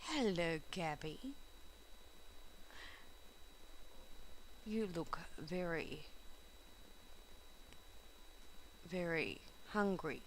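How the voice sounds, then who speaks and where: A woman voicing a sly talking snake that tempts with soft, hushed coaxing in a spoken storybook. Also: fairly low pitch, slow, a little hiss or hum, low-quality recording.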